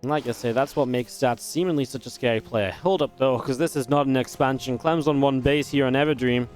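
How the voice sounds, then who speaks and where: A man casting a real-time strategy match alone, in energetic play-by-play commentary with chatty asides. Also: medium pitch, fairly quick, soft background music. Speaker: esports caster. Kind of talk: solo play-by-play game commentary.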